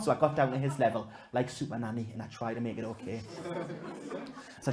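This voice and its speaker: Self-mocking stand-up comedian. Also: male voice, medium pitch, steady tone, brisk, a little hiss or hum. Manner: self-mocking, swings from loud punchlines to hushed asides. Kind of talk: stand-up storytelling to a live audience. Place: comedy gig before a live audience.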